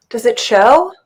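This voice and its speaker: A woman from New York, a comedy podcast contestant, delivers sardonic one-liners slowly. Her pitch rises and falls a lot as she talks. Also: slightly rough, rough recording.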